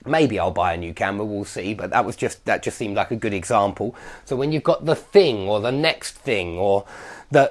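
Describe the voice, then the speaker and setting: A man gives an English grammar lesson in an easygoing way, with plenty of ums and restarts. His pitch moves a lot as he explains. He slows right down to read each example sentence clearly. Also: lively intonation. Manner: many fillers and self-corrections. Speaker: English teacher.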